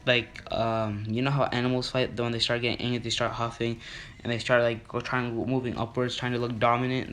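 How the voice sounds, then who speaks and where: A young man tells a long school story in a casual vlog. His delivery rambles, full of filler words and restarts, at an average pitch for a man. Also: a bit bright. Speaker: student telling a school story.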